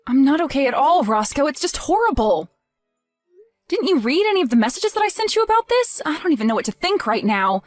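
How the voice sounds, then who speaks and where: A woman playing a young wife in a dramatized text-message story, emotional and pleading, with halting restarts. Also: high-pitched, big pitch swings, dry recording, soft background music. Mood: grieving. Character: young wife grieving, hurt and indignant.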